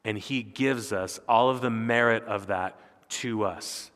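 A man's voice: fairly low pitch, measured pace, a bit bright. Man preaching emphatically in a hall. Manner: earnest, emphatic preaching that swells and drops. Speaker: pastor. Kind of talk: sermon.

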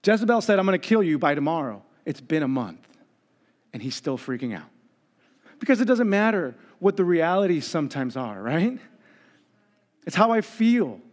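A pastor preaching a sermon in a conversational, humorous way, acting out the voices of the people in the story. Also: male voice, a little high, very animated, a little fast. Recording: long reverb of a large hall.

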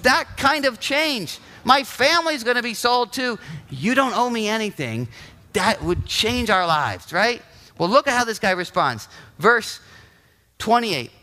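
Animated, bright-voiced male preacher. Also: sits high. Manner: animated storytelling, acting out quotes, frequent "right?". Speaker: pastor. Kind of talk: sermon.

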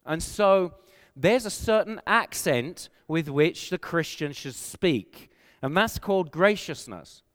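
English pastor preaching in a reverberant hall. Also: male voice, on the high side, animated, takes it slowly, fairly bright tone. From England. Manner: earnest, emphatic preaching with rhetorical questions. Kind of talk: sermon.

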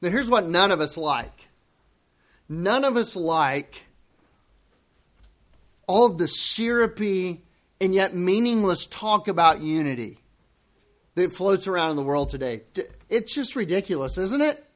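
A male pastor preaching a sermon to his congregation, emphatic and deliberate, repeating key phrases for weight. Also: sits high, expressive, fairly bright tone.

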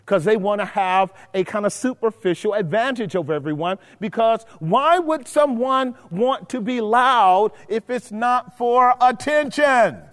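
A man's voice: high voice, lively intonation, measured pace, few pauses, a bit bright, in a large hall. A man teaching a Bible study in preaching style, emphatic, repeating his points and checking in with his listeners.

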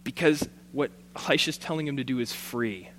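A man's voice: mid-range voice, normal speed, fairly bright tone, a little hiss or hum. A man preaching a sermon, reading scripture aloud and then retelling it in plain, casual words. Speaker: pastor.

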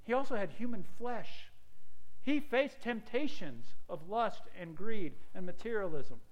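Man preaching a lively conversational sermon. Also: a little slow, poor audio. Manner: conversational preaching with humorous personal stories, pitch rising and falling widely. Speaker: pastor.

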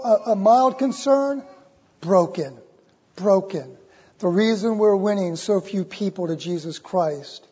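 A man preaching a sermon in a church, impassioned and urgent, repeating his words and swinging between loud and hushed. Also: sits high, slightly rough. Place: church sanctuary. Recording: dull recording with long church reverb.

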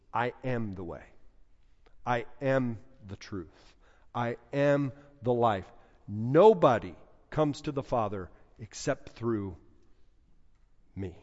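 A man preaching a sermon as pastor, measured and emphatic, repeating key phrases. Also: mid-range voice, darkish tone. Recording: dull sound in a reverberant hall.

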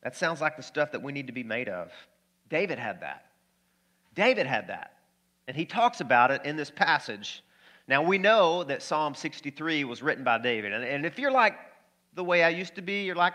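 A man preaching a sermon as pastor, energetic and conversational, often putting questions to the congregation. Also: fairly high pitch, moderate pace.

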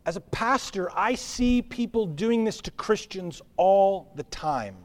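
A man preaching a sermon as pastor, with a conversational, animated delivery. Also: high voice, unhurried. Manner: animated, conversational preaching with acted-out crowd voices.

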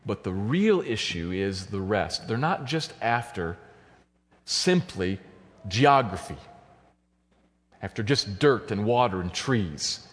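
A man preaching a sermon, walking through a passage and building to fervent, high-pitched emphasis. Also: animated, slow, pauses often. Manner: builds to loud, high-pitched fervor at climaxes. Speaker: pastor. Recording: long church hall reverb.

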